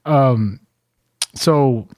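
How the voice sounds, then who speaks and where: A man's voice: medium pitch, extremely slow, darkish tone. A man from New York hosting a podcast, telling stories with lots of laughter and swearing. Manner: profane, laughing storyteller. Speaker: podcast host. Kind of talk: casual interview chat.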